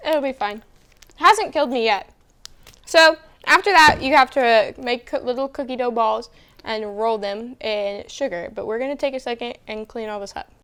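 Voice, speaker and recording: A woman's voice: fairly high pitch, moderate pace, a bit bright, clear, resonant tone. A young woman co-hosting a casual student cooking show, explaining each step and teasing her partner. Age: young adult. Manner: bossy, teasing, explains steps.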